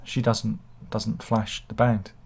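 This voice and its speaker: A man's voice: fairly low pitch, little pitch movement, slow pace, gravelly, slightly rough. A man, hosting a casual book review channel, rambling with sardonic, self-mocking humor. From England.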